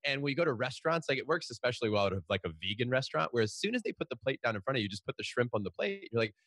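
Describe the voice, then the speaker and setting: A man's voice: medium pitch, lively intonation, very fast, few pauses, a bit bright, no echo. A middle-aged man, a podcast guest and author, telling stories animatedly with frequent restarts. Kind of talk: storytelling in a podcast interview.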